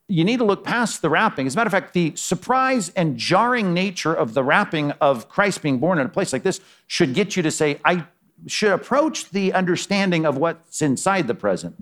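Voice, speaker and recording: A male pastor delivering a sermon with a lively, swinging pitch that sits a little above the usual for a man. He talks to his listeners casually, firing off rhetorical questions and dropping his voice low to press a point. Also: normal speed. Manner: conversational preaching with rhetorical questions and sudden drops in voice.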